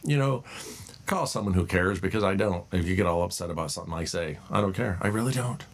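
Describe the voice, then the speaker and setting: Low gravelly rambling male host. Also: lively intonation, quick pace. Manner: rambling and blunt, with mocking put-on voices; self-interrupting, trailing off mid-sentence. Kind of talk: casual monologue.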